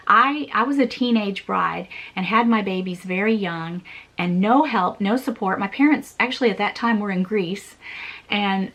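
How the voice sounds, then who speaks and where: A woman's voice: medium pitch, a bit bright. Earnest woman vlogger telling a story. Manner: earnest, repetitive storytelling with small laughs. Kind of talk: personal storytelling.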